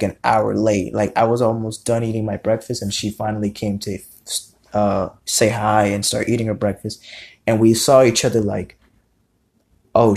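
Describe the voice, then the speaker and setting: A man's voice: fairly low pitch, a little mellow. A young man telling a casual storytime to his viewers, rambling and swearing with lots of fillers. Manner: rambling, profane, many fillers. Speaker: vlogger.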